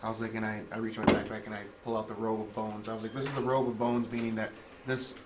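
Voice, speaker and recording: A young man speaking in character as a player in a tabletop game, earnest and a little halting. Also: fairly low pitch, little pitch movement, very noisy.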